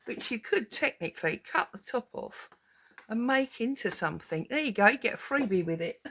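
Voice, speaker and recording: A woman hosting a casual crafting vlog, giddy and excitable, chattering to herself at her craft desk as she unboxes a parcel. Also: fairly high pitch, vocal fry, background noise. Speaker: crafting channel host.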